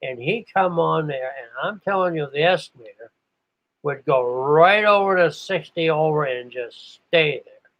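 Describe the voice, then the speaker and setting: A man's voice: fairly high pitch, animated, measured pace. Rambling older man on a muffled recording. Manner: meandering, searches for names aloud. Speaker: radio operator. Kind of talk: rambling reminiscence.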